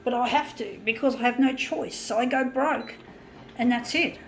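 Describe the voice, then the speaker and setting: A woman's voice: on the high side, moderate pace, a little hiss or hum, rough recording. A woman vlogger in a repetitive, swearing rant about money stress, talking straight at her viewers. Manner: swearing, repetitive, escalating into shouted outbursts. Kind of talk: angry personal rant to camera.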